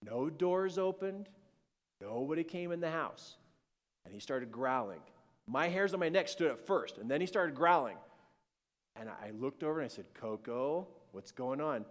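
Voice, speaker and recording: A man telling a personal spiritual story, animated and acting out scenes, swinging between hushed and shouting. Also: on the high side, normal speed, long reverb tail.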